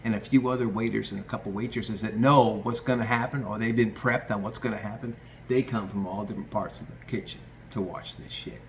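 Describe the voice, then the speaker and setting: A man's voice: on the low side, steady tone, brisk, background noise. A man telling a true story in a loose, rambling way, swearing casually and restarting his sentences.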